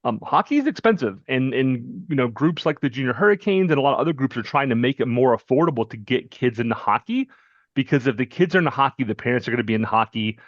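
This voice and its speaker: A man's voice: mid-range voice, lively intonation, fast talker, no room sound. Podcast host: a chatty man from North Carolina with a mid-range voice. The sound is dry and muffled. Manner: chatty, leans on "right?" and "you know". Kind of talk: casual podcast chat.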